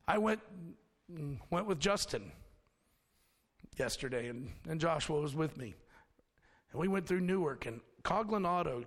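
A man's voice: fairly high pitch, big-room sound. A man preaching a sermon in a folksy storytelling manner, mixing scripture with personal stories. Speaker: pastor.

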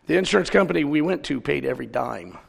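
A man's voice: on the high side, lively intonation, fast talker, creaky, slightly rough, long reverb tail. A man preaching a conversational sermon, telling stories and putting questions to the congregation. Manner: storytelling, asks the congregation questions.

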